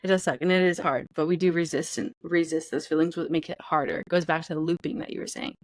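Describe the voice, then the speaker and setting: A woman's voice: deep voice, fairly even intonation, fast. A woman co-hosting a podcast in casual chat, candid and profane, acting out feelings in quoted voices. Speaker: podcast co-host.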